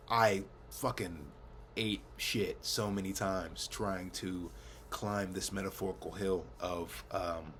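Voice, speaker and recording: Deep-voiced young man rambling casually. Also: slight background noise. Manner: laid-back, swears often, laughs at himself, fillers and restarts. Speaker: vlogger. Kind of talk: casual rambling monologue to camera. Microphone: camera mic.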